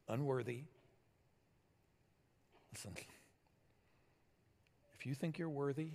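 A male pastor delivering a sermon, emphatic, swinging between loud stresses and hushed lines. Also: mid-range voice, lively intonation, slow pace, vocal fry, long pauses, big-room sound.

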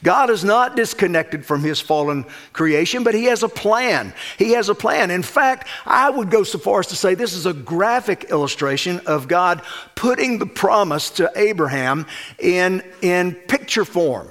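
A man preaching a sermon, emphatic, with loud stressed phrases and hushed low asides. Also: lively intonation, moderate pace. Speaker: pastor.

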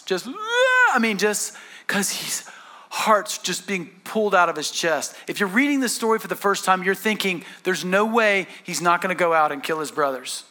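Man, pastor, sermon, high voice, bright tone, earnest, repeats words.

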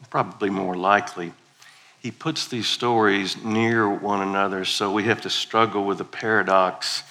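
A man's voice: lowish voice, bright, forceful tone. A middle-aged man, preaching a playful, conversational sermon as a guest preacher. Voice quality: playful, conversational, leads congregation in call-and-response.

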